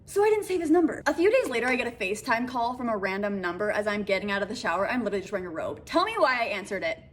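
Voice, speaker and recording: A young adult woman telling a dating story to the camera in casual chat, animated and full of "like" fillers. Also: mid-range voice, very fast, a little hiss or hum. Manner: animated, acts out voices in quotes, many "like" fillers.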